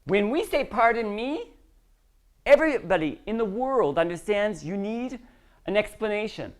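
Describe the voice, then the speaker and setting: A woman's voice: mid-range voice, moderate pace. A woman teaching English to a class, acting out little dialogues with lots of emphasis. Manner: animated, emphatic, acts out dialogues. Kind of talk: classroom lesson.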